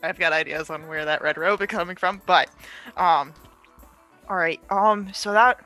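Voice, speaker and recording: A woman's voice: fairly low pitch, moderate pace, sharp tone, soft background music. A woman player describing her moves in a casual, chatty way with lots of fillers. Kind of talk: casual tabletop play.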